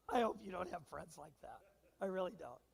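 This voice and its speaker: A man preaching a sermon as pastor, animated and engaging his congregation with questions and acted-out quotes. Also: sits high, vocal fry, breathy edge, big-room sound. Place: church sanctuary.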